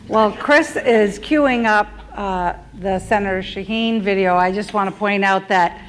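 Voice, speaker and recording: A woman's voice: medium pitch, a little slow, slight background noise, rough recording. A woman emceeing a breakfast event, telling a chatty anecdote with laughter. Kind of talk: casual storytelling at an event.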